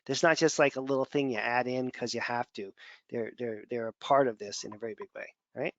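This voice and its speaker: Male instructor, mid-pitch, chatty digressive lecture, dry and muffled audio. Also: fairly even intonation, a little fast, fairly bright tone, no room sound. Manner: conversational, digressive, repeats words while thinking. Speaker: functional medicine instructor. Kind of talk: casual lecture over slides. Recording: dull, dry lo-fi sound.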